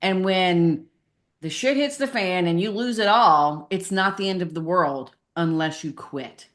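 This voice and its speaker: A woman's voice: lowish voice, unhurried. A middle-aged woman, a podcast guest, talking candidly and animatedly about her business, acting out the voices in her stories. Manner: candid, animated storyteller who acts out voices in quotes. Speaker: podcast guest, marketing consultant. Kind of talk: casual interview chat.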